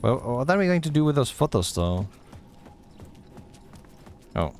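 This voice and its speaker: A man's voice: medium pitch, sing-song, a little slow, a little mellow. Man, streamer, gameplay commentary, sarcastic, chatty, faint background noise. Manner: chatty, sarcastic, talks back at the game.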